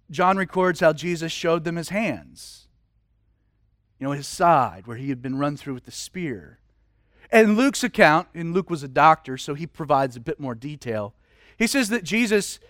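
A man preaching a sermon in a casual, animated way, with humorous asides. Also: sits high, moderate pace, no room sound, clean studio sound. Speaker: pastor.

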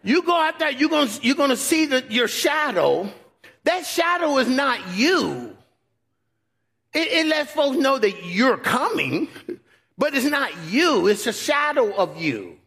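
A man preaching a sermon as pastor, swinging between loud, high exhortation and soft, low intimate passages. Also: sing-song, measured pace, creaky, husky.

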